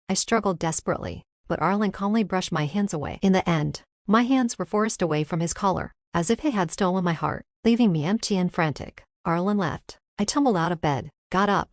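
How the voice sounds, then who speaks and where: A woman narrating a first-person romance story, in a steady, measured way. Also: lowish voice, no room sound, studio quality.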